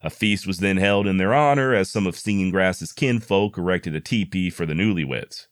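A man's voice: low-pitched, normal speed, no echo, studio quality. Folksy man telling history. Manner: folksy, wry asides. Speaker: history storyteller. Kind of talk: casual narrated history with jokes.

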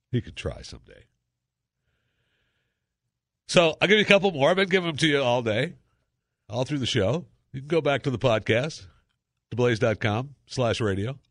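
A man's voice: mid-range voice, no echo, clean studio sound. A man hosting a talk radio show, joking around in a casual monologue with lots of fillers. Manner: jokey, animated, lots of fillers. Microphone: studio microphone.

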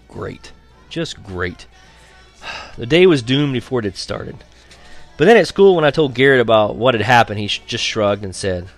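A man reading a first-person story aloud as narrator, lively and wry. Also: fairly low pitch, moderate pace, faint music behind. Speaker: audiobook narrator.

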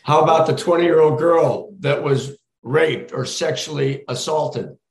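A man's voice: fairly high pitch, measured pace, gravelly, roomy sound, low-quality recording. An older man speaking as an interview guest, blunt and firm in short statements. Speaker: guest, father of a detained officer. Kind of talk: candid interview conversation.

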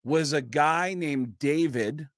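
A comedian guest in a podcast studio telling a long story in a lively, casual way, acting out the people in it. His voice sits a bit high and sounds dry and close. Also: slow, no room sound. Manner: lively, acts out voices, lots of fillers.

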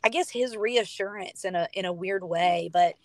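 A woman's voice: mid-range voice, normal speed, no echo. Chatty woman telling a story, dry sound. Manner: chatty, animated retelling with lots of fillers. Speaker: podcast guest. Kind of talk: casual storytelling.

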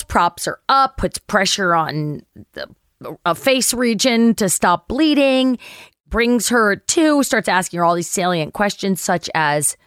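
Animated woman telling a story in a dry recording. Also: mid-range voice, smooth, no echo. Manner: animated, acts out quoted voices, swears casually. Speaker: guest actress. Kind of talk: storytelling interview chat.

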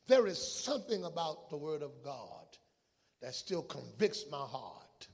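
A fervent male preacher with a high, gravelly voice. He drives his sermon with repeated questions that swell from near-whispers to shouts. His voice trails a long reverb through a big church hall. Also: big pitch swings, a little slow. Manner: builds from hushed murmurs to shouted, repeated questions; fervent, repetitive preaching cadence. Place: church sanctuary.

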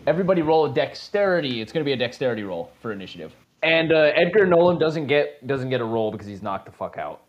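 A man's voice: medium pitch, sing-song, fast talker, dull audio. A man narrating as game master of a tabletop role-playing game, in a casual, rambling way with swearing.

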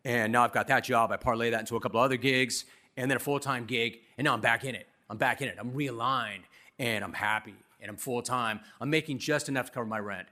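A middle-aged man from Los Angeles giving a commencement speech, telling his story in a punchy, self-deprecating, animated way. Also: medium pitch, quick pace. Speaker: commencement speaker. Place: university commencement ceremony.

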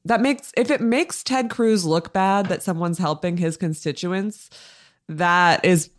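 A woman's voice: on the low side, measured pace. An American woman co-hosting a podcast in casual chat, talking loosely with lots of fillers and frequent laughter. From United States. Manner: chatty, laughs often, many fillers. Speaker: podcast co-host.

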